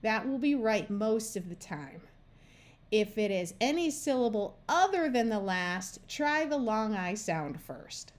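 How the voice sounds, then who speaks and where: An American woman walks learners through syllable rules at an unhurried pace. Her voice sits in a medium range. She says each sound and word one at a time with patient care. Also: mid-range voice, sing-song. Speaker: reading tutor. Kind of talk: slow, careful phonics lesson.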